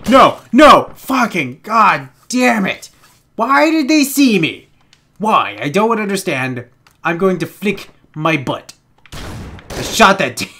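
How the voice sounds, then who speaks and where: A young man giving excitable, rambling let's play commentary, swearing constantly and getting jittery as he plays. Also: on the high side, a little hiss or hum. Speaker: gaming YouTuber.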